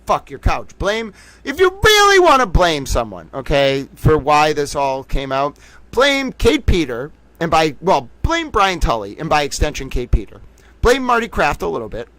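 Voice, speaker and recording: Animated man hosting a jokey livestream. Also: a little high, normal speed, no echo. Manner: animated, jokey, calls himself a little towel; talks to chat viewers by name. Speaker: livestream host. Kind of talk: casual livestream chat.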